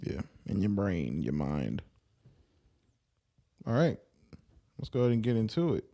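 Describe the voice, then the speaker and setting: Low, mellow-voiced young man co-hosting. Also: unhurried. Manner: relaxed, joking, reads an article aloud. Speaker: podcast co-host. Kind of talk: casual podcast chat.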